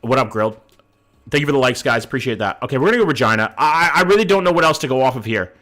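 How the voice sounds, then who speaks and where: A man's voice: mid-range voice, lively intonation, very fast, pushed and bright. A man streaming a game live, thinking aloud in a casual way, swearing now and then and greeting his chat by name.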